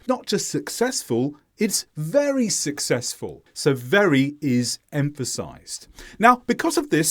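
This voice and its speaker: A man teaching an English lesson, speaking clearly and deliberately with lively intonation. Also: on the high side.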